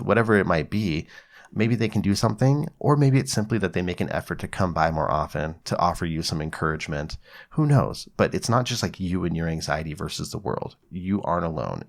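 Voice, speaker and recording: A man whose voice sits low and sounds gravelly gives casual, conversational advice on his psychology podcast. Along the way he swears freely and acts out examples.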